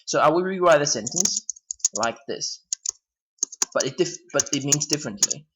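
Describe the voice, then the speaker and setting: Lively man teaching English grammar. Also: on the high side, normal speed, background noise. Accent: Hong Kong. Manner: explains step by step, repeats and rewords himself. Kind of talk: classroom grammar lesson.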